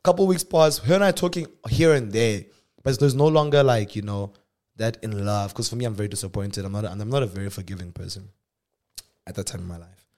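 Animated South African man telling stories. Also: lowish voice, fairly quick. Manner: animated, swings from hushed asides to loud exclamations. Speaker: podcast host. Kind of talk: casual storytelling monologue.

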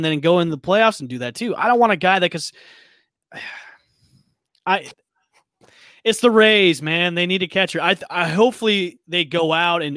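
A man's voice: on the high side, no echo, clean studio sound. Ranting man on a sports podcast. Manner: animated, ranting, restarts often. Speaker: podcast co-host. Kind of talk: casual sports talk.

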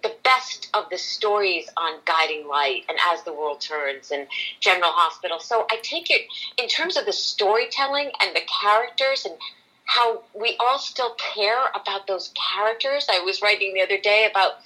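Bright-voiced chatty woman. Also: mid-range voice, normal speed, rough recording. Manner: eager and chatty, full of "like" and "you know". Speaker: podcast guest, voiceover actor. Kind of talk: casual conversation.

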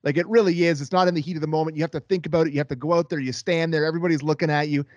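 A man co-hosting a sports podcast in casual chat, enthusiastic and quick to laugh. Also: a little high, fairly even intonation, darkish tone, dry recording, dull audio.

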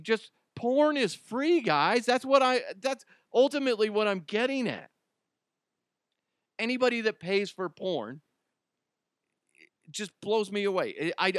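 A man's voice: high-pitched, unhurried, long pauses, no echo, clean studio sound. A man hosting a podcast, riffing in a casual, mocking monologue and often laughing. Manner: animated, laughing, mocking asides. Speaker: podcast host.

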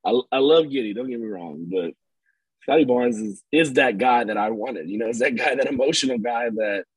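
A man with a husky voice in a casual sports podcast chat, rambling earnestly with lots of fillers. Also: mid-range voice, moderate pace, dry recording, poor audio. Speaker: podcast co-host.

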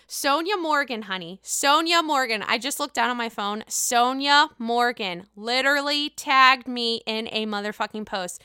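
A woman giving a casual, profane reality show recap, chatty and excitable, calling the viewer honey. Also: high-pitched, normal speed, hardly any pauses, smooth, no echo, clean studio sound. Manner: excitable outbursts.

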